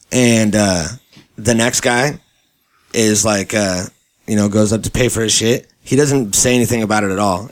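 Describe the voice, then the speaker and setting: A young man hosting a casual chat show, telling an anecdote in a laid-back way and mimicking the people in it. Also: fairly low pitch. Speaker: podcast host.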